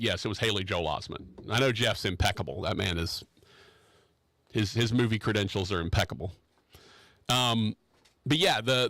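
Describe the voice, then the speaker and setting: A man's voice: mid-range voice, sharp tone, dry recording, clean studio sound. Opinionated man joking on talk radio. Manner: rambling, joking, opinionated, with frequent restarts. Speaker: radio talk show host. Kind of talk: casual opinionated radio chat. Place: radio studio.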